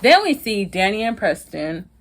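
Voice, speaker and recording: A woman with a voice of ordinary middle pitch talks through a TV episode as a casual recap host. She retells the scenes in quick, chatty bursts. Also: very animated, fairly bright tone, slight background noise.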